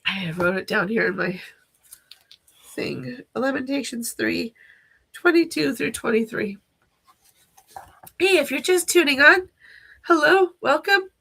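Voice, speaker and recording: Slow, gravelly-voiced woman giving heartfelt devotion. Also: high voice, lively intonation, bright, forceful tone. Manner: earnest, heartfelt, searching for words; reads scripture aloud. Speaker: host of a live devotional stream; children's ministry teacher. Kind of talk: live devotional talk. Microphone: phone or webcam livestream.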